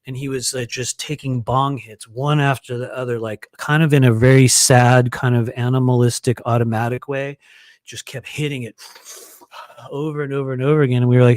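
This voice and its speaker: A man's voice: mid-range voice, fairly quick, no echo. Rambling man telling a story. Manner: rambling, filler-heavy, animated quoting. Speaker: host of a live psychic stream. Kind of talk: casual storytelling. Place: home in Florida.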